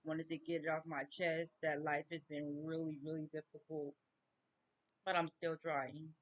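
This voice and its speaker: A woman, talking slowly and haltingly in a personal vlog rant, near tears. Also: low-pitched, little pitch movement. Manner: slow, halting, tearful grief. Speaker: vlogger.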